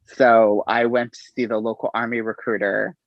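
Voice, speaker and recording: Gravelly-voiced man telling his story. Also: lowish voice, little pitch movement, dry recording. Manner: unhurried, halting, acts out quoted exchanges. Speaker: interview guest. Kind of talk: conversational storytelling. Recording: dull, slightly lo-fi audio.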